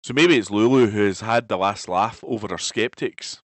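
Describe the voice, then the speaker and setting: A Scottish man with a lowish voice reads newspaper articles aloud at a steady, careful pace. The recording is close and dry, with no room sound. He reads every word plainly, brackets included. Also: normal speed, no echo. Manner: steady, careful reading, reading out punctuation. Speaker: volunteer newspaper reader.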